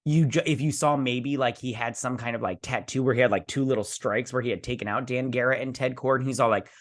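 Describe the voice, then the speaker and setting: A man's voice: mid-range voice, fairly even intonation, fast. A man hosting a casual weekly geek news recap, chatty and rambling, tripping over names. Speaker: host.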